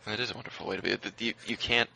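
A man's voice: on the low side, fairly even intonation, rapid-fire, gravelly, bright, forceful tone, a little hiss or hum, rough recording. A man co-hosting a podcast in casual banter, incredulous and questioning. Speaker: podcast co-host.

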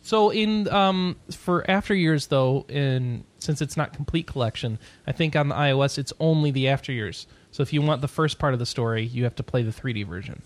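A man hosting a casual podcast, chatty and quick to laugh while he runs through news items. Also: medium pitch. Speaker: podcast host.

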